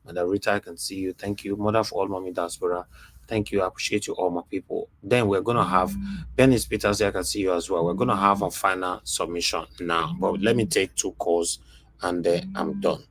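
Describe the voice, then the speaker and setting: A man's voice: low-pitched, steady tone, a little fast, a bit bright. A man hosting a live stream, lecturing his viewers and greeting them as his people. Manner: preachy, addresses viewers as "my people". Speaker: livestream host.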